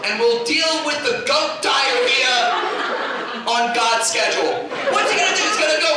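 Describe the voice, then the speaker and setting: A young man from New York doing a stand-up comedy set, telling a story with animated build-ups and incredulous shouts. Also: very high-pitched, moderate pace. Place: convention hall stage. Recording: echoey hall from far off, noisy. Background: crowd laughter.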